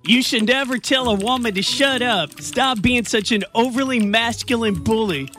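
A man's voice: very high voice, normal speed, sharp tone, soft background music. A man doing a gushing supportive guy. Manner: gushing, reassuring. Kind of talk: reading social media comments in character.

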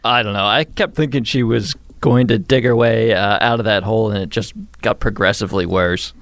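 A man co-hosting a talk radio show, wry and quick to laugh, protesting in mock alarm. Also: fairly low pitch, fairly bright tone, dry recording. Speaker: radio co-host.

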